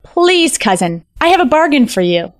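A woman voicing an eager young male fox trickster, talking in an excited, earnest way in a storybook. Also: high voice, normal speed, pitched above the performer's own voice. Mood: coaxing.

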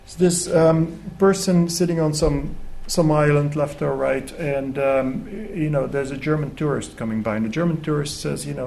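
A man's voice: on the high side, steady tone, moderate pace, gravelly, a little mellow, slight background noise, low-quality recording. A man speaking on a festival panel, telling a story animatedly with many fillers and restarts. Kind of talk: panel talk. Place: festival hall.

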